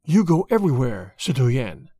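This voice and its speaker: A man reading aloud, voicing a sly male French agent in a lower, slow, insinuating tone. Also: sing-song, dark tone, no room sound, clean studio sound.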